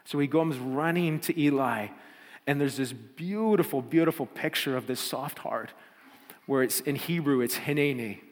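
A man's voice: mid-range voice, normal speed. A man preaching a sermon as pastor, often repeating words and building to fervent appeals. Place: church. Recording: church hall reverb.

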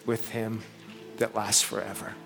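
A male pastor preaching a Christmas sermon, telling a story with lively build-ups and slowing into soft, earnest appeals. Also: on the low side, gravelly, long reverb tail, faint music behind.

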